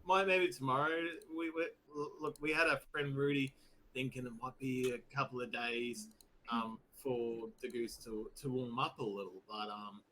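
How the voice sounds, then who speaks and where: A man, playing a character in a tabletop game, with halting stammering restarts. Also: mid-range voice, steady tone, bright, forceful tone. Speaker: player.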